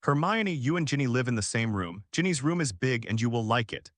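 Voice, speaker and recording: A man's voice: medium pitch, sing-song, fairly quick, dry recording, lightly acted. Caring, fussing witch mom in a storybook, read by a male narrator. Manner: kind, fussing. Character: warm, fussing wizard mother, middle-aged.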